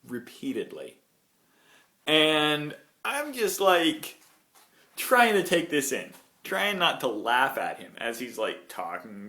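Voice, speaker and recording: Animated man telling a digressive story. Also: medium pitch. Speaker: vlogger. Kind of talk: storytime vlog. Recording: roomy echo.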